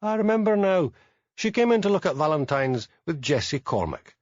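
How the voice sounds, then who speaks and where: A man doing a brisk old postmistress. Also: fairly high pitch, big pitch swings, a little mellow, no room sound, highs cut off, voice pushed up. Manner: brisk, talkative. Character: brisk older village postmistress.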